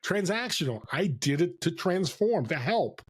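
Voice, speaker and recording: A man telling stories as a podcast guest, lively and acting out the voices of people he quotes. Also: high-pitched, unhurried, husky. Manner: animated storyteller, acts out quoted voices. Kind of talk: storytelling interview. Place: California.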